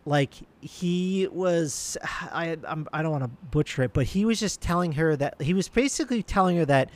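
A man's voice: on the high side, lively intonation, normal speed, hardly any pauses. A man with a voice sitting a little above the usual male range recounts a personal anecdote in easy conversation. He rambles, trips over his own starts and piles on fillers as he works his way through the story. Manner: rambling, full of restarts and fillers. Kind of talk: casual anecdote.

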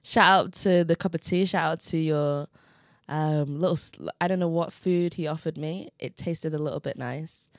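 Speaking at a normal speed in a deep voice, this young podcast co-host tells animated stories punctuated by laughs during a casual chat. Chewing gum leaves her slightly muffled, though the studio-quality audio has no echo.

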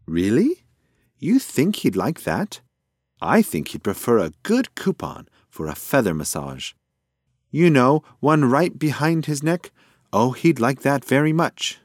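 A man voicing a boastful, joking male pigeon who talks in loud, high, theatrical bursts. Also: big pitch swings, measured pace, no room sound, clean studio sound.

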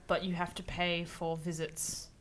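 A young Australian woman in easy, casual conversation. She talks in a relaxed, giggly way, explaining words with plenty of "like" and "um". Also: fairly low pitch, unhurried. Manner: chatty, giggly, explaining slang. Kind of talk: casual chat.

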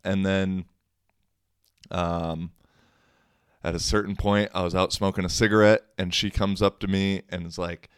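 A man's voice: low-pitched, little pitch movement, measured pace, long pauses, clean tone, no echo, clean studio sound. A young man hosting a podcast, telling a story casually, with rambling fillers, restarts and a wry tone. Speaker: podcast host.

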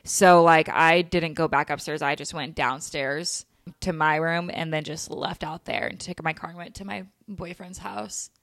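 Young woman telling a story, low-ish voice. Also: fairly even intonation, normal speed, vocal fry, fairly bright tone, no echo, clean studio sound. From lived in Utah. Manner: candid, swears freely, laughs while telling. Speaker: podcast host. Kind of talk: casual storytelling chat.

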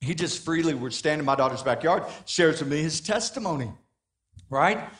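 A middle-aged man preaching a sermon, asking the congregation questions and swinging between soft and loud passages. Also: a little high, lively intonation, moderate pace. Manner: dynamic preaching with questions and acted quotes. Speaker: pastor.

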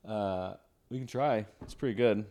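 Young guy w a lowish voice rambling on a podcast, keeps restarting and laughing. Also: moderate pace, mellow. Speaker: podcast co-host. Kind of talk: casual chat.

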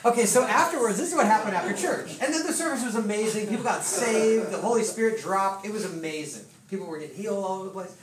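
A pastor telling a sermon story in a lively, laughing way, full of fillers. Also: medium pitch, fast, hardly any pauses, crowd noise. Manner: animated, laughing, many fillers. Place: church hall with congregation. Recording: echoey hall, distant, noisy.

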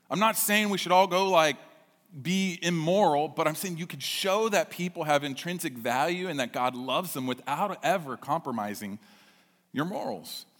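A male pastor telling a story in a sermon, with an animated, chatty manner. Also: a little high, in a large hall.

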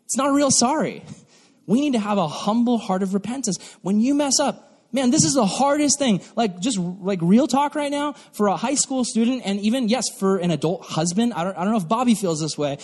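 A man's voice: sits high, brisk, husky. Young pastor guy preaching to teens, lots of playful voices, church hall echo. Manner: animated, acts out mocking voices. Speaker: youth pastor. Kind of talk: sermon. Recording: long reverb from a hall.

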